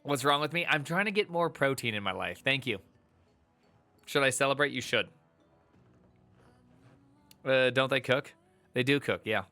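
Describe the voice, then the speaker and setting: Bright, jokey man streaming live. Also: medium pitch, moderate pace, pauses often, faint music behind. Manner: animated, jokey, rambling asides to chat. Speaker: live streamer reading tech articles with chat. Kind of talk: casual live-stream chat.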